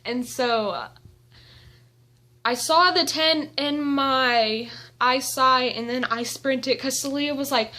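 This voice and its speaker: A young woman vlogging at home, telling an excited story with giggles and gushing fangirl energy. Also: high-pitched, takes it slowly. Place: indoors at home.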